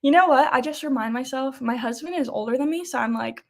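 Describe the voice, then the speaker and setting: A woman's voice: sits high, fast talker. A young woman in her twenties hosting a casual weekly live chat, rambling and laughing often.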